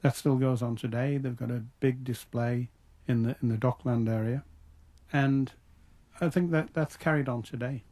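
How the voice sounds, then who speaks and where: Older scouse guy in an interview, mellow warm voice, thinks back and restarts his sentences a lot. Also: mid-range voice, steady tone, normal speed. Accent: Liverpool. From Liverpool, England. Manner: reflective, with frequent restarts. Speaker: interview guest. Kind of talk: radio interview.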